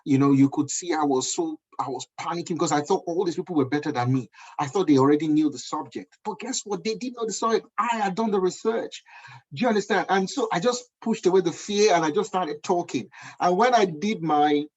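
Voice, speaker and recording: A man's voice: on the high side, fairly quick, breathy edge. A man in his thirties with a Nigerian accent, giving an emphatic motivational talk and often checking that the audience understands. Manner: emphatic, keeps asking "do you understand?". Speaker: guest speaker. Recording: dull lo-fi recording.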